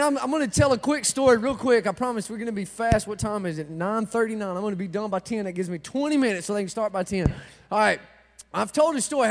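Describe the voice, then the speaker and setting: A very high-voiced man preaches a lively sermon. He tells a story loudly, shouts at times and calls out to the crowd. His voice rings through a large echoing hall. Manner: loud, excitable, shouting at times, talks to the crowd. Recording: echoey hall.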